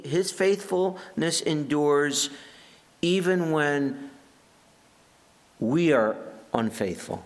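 A man's voice: fairly high pitch, a bit bright. A pastor giving a conversational sermon in an earnest way, often restarting his phrases.

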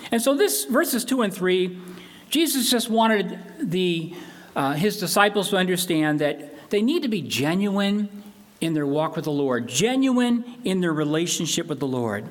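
A man's voice: sits high, big pitch swings, moderate pace. Earnest older man preaching. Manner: earnest, emphatic, with repeated phrases. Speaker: pastor. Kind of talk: sermon.

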